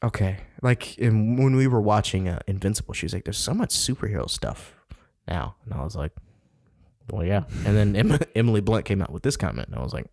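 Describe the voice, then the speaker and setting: A man's voice: fairly low pitch, lively intonation, brisk, vocal fry, darkish tone, no room sound, clean studio sound. A man co-hosting a podcast in casual chat, rambling, cursing and laughing often. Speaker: podcast co-host.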